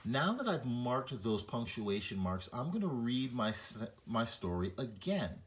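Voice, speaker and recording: Speaking at a measured pace in a mid-range voice, a man leads a reading lesson on punctuation. He reads a short story aloud as an example of flat versus expressive delivery.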